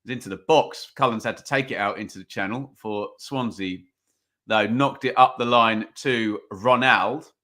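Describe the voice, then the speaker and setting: Bright-voiced man hosting a football watch-along. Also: fairly low pitch, moderate pace. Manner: chatty, reads out viewer comments, calls the match loosely. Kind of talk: casual live commentary and chat. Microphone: desk microphone.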